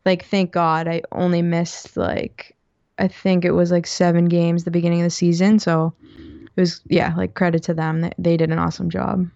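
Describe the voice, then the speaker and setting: A woman's voice: on the low side, level tone, moderate pace, vocal fry, a little mellow, no echo. A woman in her twenties, a guest on an interview show, chatting casually with lots of fillers. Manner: chatty, filler-heavy storytelling. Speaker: guest, former college hockey player. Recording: dry, dull lo-fi sound.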